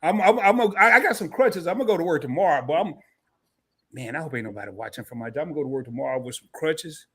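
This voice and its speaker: A man hosts a casual live stream in a somewhat high voice, animated and joking as he talks straight to his viewers. He sounds sore from a recent fall and swings between loud laughing bursts and quieter asides. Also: fast, slightly rough. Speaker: host.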